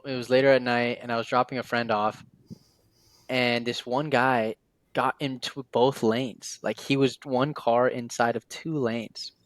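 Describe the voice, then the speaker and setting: A man's voice: mid-range voice, no echo. Man telling stories in a dry-sounding podcast. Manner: storytelling with many "like" fillers and quoted dialogue. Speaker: series guest. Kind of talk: casual podcast conversation.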